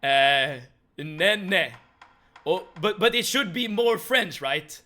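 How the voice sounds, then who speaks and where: A high-voiced man chats excitedly over a hard game on a livestream, tripping over his words and repeating himself as he talks. Game music plays clearly behind him. His energy swings between groans and hype, but the stammering restarts stay constant. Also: measured pace. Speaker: gaming livestreamer. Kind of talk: casual gameplay commentary.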